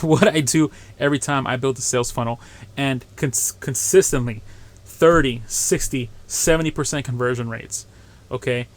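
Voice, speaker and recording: A man hosting his own marketing show, giving solo instructional talk in a coaching tone that keeps checking in with "right?" and "okay?", and lifting his voice to stress key points. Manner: punches up key points with louder, higher bursts. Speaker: marketing podcast host.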